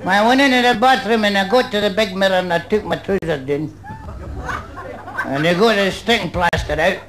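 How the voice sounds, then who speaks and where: A man's voice: high-pitched, fairly quick. Scottish guy doing stand-up, rambly jokes, "you know" every line, old noisy club tape. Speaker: stand-up comedian. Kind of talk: live stand-up comedy. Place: nightclub stage before a live audience. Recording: old live club recording, loud crowd and noise. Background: audience laughter.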